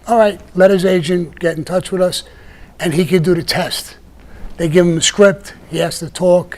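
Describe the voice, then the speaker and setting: Older male guest, Brooklyn accent, meandering raconteur, slightly higher-pitched voice. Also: a little mellow. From Brooklyn, New York. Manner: rambling, with many restarts and "you know". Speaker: podcast guest telling stories. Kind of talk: casual storytelling chat.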